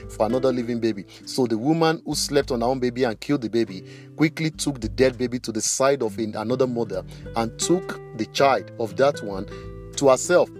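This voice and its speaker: A man's voice: mid-range voice, darkish tone. A man preaching a sermon, retelling Bible stories and acting out the people in them. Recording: faint guitar music behind.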